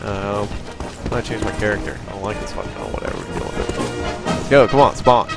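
Excitable young man swearing at a game. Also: lowish voice, quick pace, gravelly. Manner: excitable, profane, yelling outbursts. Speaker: gamer. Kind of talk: let's play commentary. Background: game music and gunfire.

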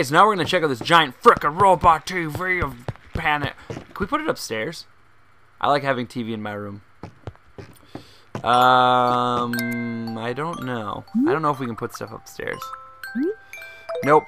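Hosting a gaming video, a young man rambles through chatty let's play commentary and now and then erupts into excited shouts. He speaks in a mid-range voice over the game's music.

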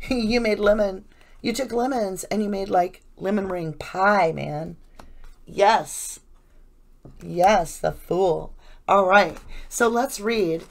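A woman's voice: medium pitch, slow pace, vocal fry. A woman giving a casual, effusive tarot reading, chatting and rambling to her viewers. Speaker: tarot reader.

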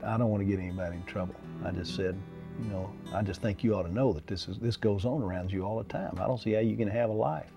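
A man's voice: fairly low pitch, fast talker, vocal fry, dark tone, soft background music. A man being interviewed, telling an anecdote and acting out the dialogue. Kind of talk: anecdotal storytelling.

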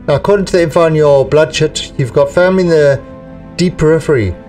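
Man reading a steady merc XO, reassuring briefing tone, mic a bit distant. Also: fairly high pitch, fast, soft background music, lightly acted. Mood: calm. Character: steady male mercenary executive officer.

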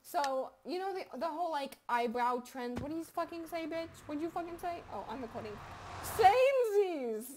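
A young woman giving casual gameplay commentary, crude and joking, with sudden loud outbursts. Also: high-pitched, brisk, hardly any pauses, a little hiss or hum. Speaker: gaming commentator.

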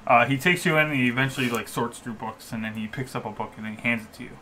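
A man narrating as game master at a live tabletop session, describing scenes in a relaxed, improvised way. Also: mid-range voice, rapid-fire, a little hiss or hum. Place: home gaming session streamed live.

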